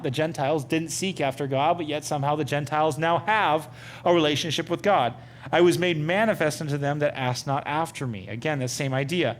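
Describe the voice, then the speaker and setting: Man teaching Bible study, higher-pitched voice. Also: brisk, a little hiss or hum. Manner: asks the group many questions, conversational with fillers. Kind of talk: interactive Bible study lesson.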